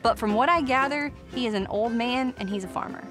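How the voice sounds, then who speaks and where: A woman's voice: on the high side, brisk. A woman, chatting and commenting in a playful, teasing way. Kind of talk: reality TV conversation and interview. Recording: music playing under speech.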